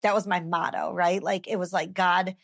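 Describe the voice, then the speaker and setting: A woman's voice: fairly low pitch, little pitch movement, normal speed, gravelly, fairly bright tone. A woman in her thirties sharing her faith story in an interview, earnest and heartfelt, repeating phrases for emphasis.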